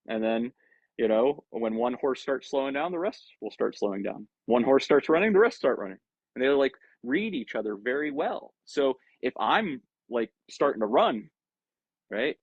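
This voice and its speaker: Man giving a lively dharma talk. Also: lowish voice, no echo, muffled recording. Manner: conversational, animated, acts out inner voices. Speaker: Buddhist teacher. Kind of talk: dharma talk to an online group.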